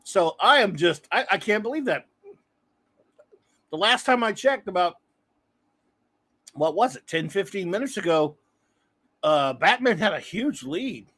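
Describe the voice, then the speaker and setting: In this casual chat on his comics livestream, a man with a high, animated, fairly bright voice speaks at a measured pace with frequent pauses. He rambles, restarts often, and makes self-deprecating jokes.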